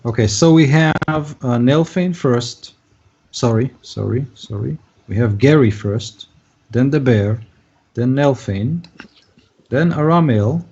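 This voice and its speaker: A man's voice: medium pitch, expressive, takes it slowly, slightly rough. A man running a tabletop game as game master, talking with many fillers and restarts. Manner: hesitant, many fillers, puts on shouting voices for figures. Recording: dull lo-fi voice chat audio.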